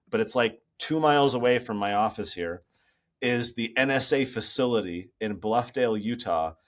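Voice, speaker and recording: A man speaking as a guest over a laptop video call from his office, explaining ideas in an animated, storytelling way. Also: medium pitch. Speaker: guest author. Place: home office.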